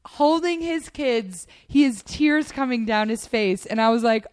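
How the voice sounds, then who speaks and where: A woman's voice: on the high side, expressive, unhurried, a little mellow, clean tone, no echo, studio quality. A woman hosting a casual sports podcast, chatty and gushing, with lots of fillers. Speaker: podcast host.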